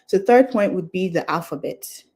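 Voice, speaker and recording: Young adult woman, conference speaker, earnest explainer, voice sits a bit low. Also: expressive, moderate pace, a little mellow. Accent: non-Nigerian English accent. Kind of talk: talk to an audience.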